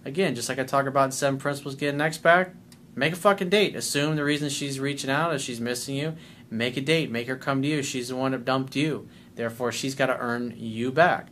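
A man coaching on dating in a frank, profane way, reading a listener's email aloud and breaking in with his own opinions. He has an ordinary mid-pitched voice and slips into other voices when he quotes people. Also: a little fast, fairly bright tone, slight background noise. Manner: blunt and profane; acts out quoted lines in a shifted voice.

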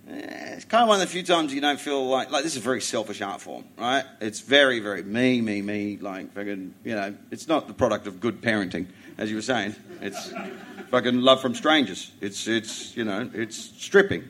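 Middle-aged Australian comic, blunt and profane, animated storyteller, mid-range voice. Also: male voice, mid-range voice. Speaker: comedian guest. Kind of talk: casual podcast chat.

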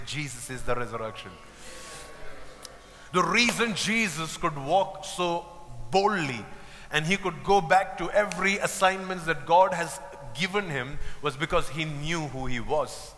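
A man preaching a sermon, emphatic and lively, acting out the people he quotes with humor. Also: a little high, in a large hall.

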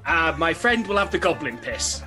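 A man chatting as a player in a tabletop game, easygoing and quick to laugh. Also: a little high, big pitch swings, pushed and bright, soft background music. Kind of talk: casual tabletop play.

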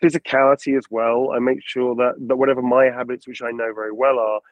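A man's voice: mid-range voice, brisk, no room sound. A man, a voice actor, chatting casually in an interview and dipping into character voices to make his points. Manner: animated, slips into character voices for examples. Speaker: voice actor guest. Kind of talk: casual video call interview. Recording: dull lo-fi dry sound.

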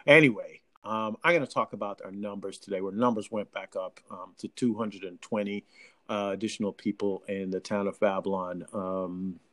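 Man, Jamaican accent, radio talk host, animated, laughs a lot, stammers. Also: lowish voice, moderate pace. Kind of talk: live radio talk show chat.

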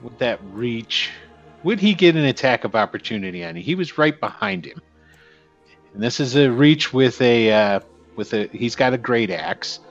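A man running a tabletop game as game master, animated, laughing and swearing casually. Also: mid-range voice, normal speed. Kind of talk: narrating a tabletop game session. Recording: dull lo-fi sound with faint music.

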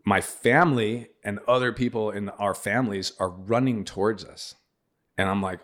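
A middle-aged man with a very low, deep voice, telling a story in a loose, chatty way. He acts out the lines other people said as he goes. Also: normal speed. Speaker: podcast guest. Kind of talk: casual storytelling.

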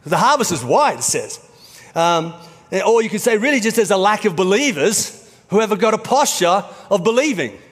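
A man's voice: sits high, very animated, moderate pace, breathy edge. A middle-aged man preaching a sermon as pastor, in a conversational storytelling way. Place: church auditorium. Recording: reverberant church hall.

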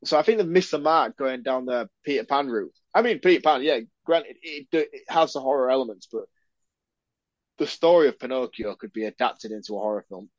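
Man, casual podcast co-host, cursing freely, flat-sounding muffled audio with no room echo. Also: mid-range voice, fairly quick. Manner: animated and sweary, laughing often. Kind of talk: casual chat. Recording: dry, dull lo-fi sound.

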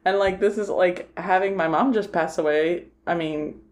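A woman's voice: lowish voice, moderate pace, a little mellow. A woman co-hosting a podcast, chatting casually about a film and retelling its scenes with lots of "like" fillers. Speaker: podcast co-host.

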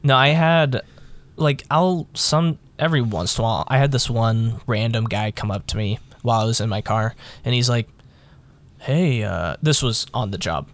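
A man's voice: mid-range voice, moderate pace. A man in casual chat, retelling a conversation in an easygoing way.

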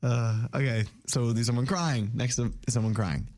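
A man hosting a morning radio show, briskly setting up a comedy reading bit. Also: mid-range voice, steady tone, darkish tone. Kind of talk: casual banter. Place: radio studio.

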